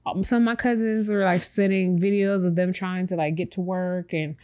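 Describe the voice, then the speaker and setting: A woman with a slightly low voice talking openly on a podcast. She rambles in a relaxed, reflective way, full of fillers, and speaks right to her listeners as if they were friends. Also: moderate pace. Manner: speaks directly to listeners as "y'all". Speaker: podcast co-host. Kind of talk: casual chat.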